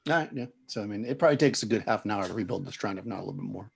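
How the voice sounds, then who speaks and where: A man runs a tabletop game, talking through scenes in a rambling way. His voice is low, with gravelly fry and a husky edge. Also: racing. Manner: rambling, full of fillers and restarts. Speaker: game master.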